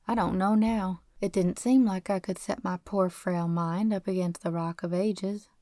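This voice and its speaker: A woman's voice: mid-range voice, steady tone, moderate pace, dark tone, no echo, clean studio sound, close to an everyday voice. A woman reading an audiobook voices a poor, defiant teenage farm boy who runs away, speaking in earnest folksy backcountry grammar.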